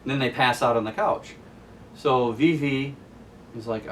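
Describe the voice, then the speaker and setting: A man's voice: medium pitch, unhurried, long pauses, fairly bright tone, far from the mic, slight background noise. A man hosting a casual comic book recap in an amused, chatty storytelling manner. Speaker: host.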